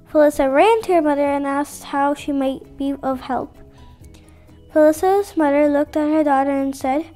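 A woman narrating a children's bedtime story, clear and expressive. Her voice sits high. Soft music plays behind her. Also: moderate pace.

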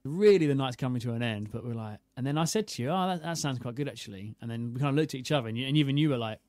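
A young man co-hosting a travel podcast, telling an animated story and swearing casually. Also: medium pitch, very fast, dry recording, studio quality. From England. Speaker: podcast co-host.

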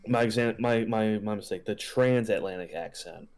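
A man's voice: fairly low pitch, moderate pace, a little mellow, soft background music. A man chatting on a game stream, explaining things in a loose, meandering way. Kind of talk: casual live gaming chat.

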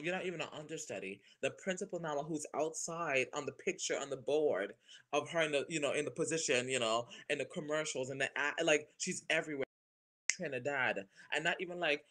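Animated man in his thirties. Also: fairly high pitch. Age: 30s. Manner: animated, gushing, quick to laugh. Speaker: stage performer guest. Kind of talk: casual interview chat.

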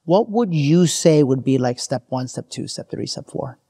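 A man's voice: mid-range voice, expressive, normal speed, dark tone, husky, no room sound, clean studio sound. A man hosting a podcast, talking emphatically with lots of restarts and checks for agreement. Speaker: podcast host. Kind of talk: conversational podcast interview.

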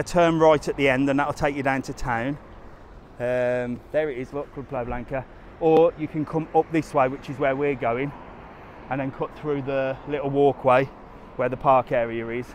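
A man talks to his live audience while strolling a sunny seaside resort, chatty and down-to-earth. His voice sits at an ordinary middle pitch. Faint street and traffic sounds carry behind him. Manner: chatty, down-to-earth, answers viewer questions while walking. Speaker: travel vlogger answering live chat. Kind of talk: casual live-stream walking vlog.

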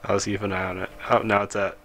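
A man's voice: fairly low pitch, flat delivery, quick pace, a bit bright, a little hiss or hum, low-quality recording. A man co-hosting a casual podcast over a remote call, with dry, joking asides. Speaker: podcast co-host. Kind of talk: casual chat. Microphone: remote call through an audio interface.

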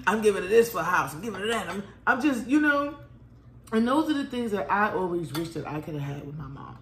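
A woman's voice: medium pitch, fast. A middle-aged mother chatting at home, blunt and unfiltered, cursing as she talks. Her voice swings widely up and down, and the room gives it a roomy echo with faint noise behind. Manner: candid, blunt, swears freely, animated. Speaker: mother of the host, guest. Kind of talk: casual family chat over a meal.

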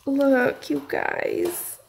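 A woman's voice: high-pitched, huge pitch swings, drawn-out words, vocal fry. A woman, gushing as she unboxes crafts in a casual home vlog. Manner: effusive, gushing. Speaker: craft vlogger.

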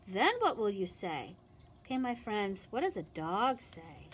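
A children's librarian reads a picture book and sings a song to young children in an animated, sing-song manner. Her voice is medium-pitched, unhurried, and slightly rough.

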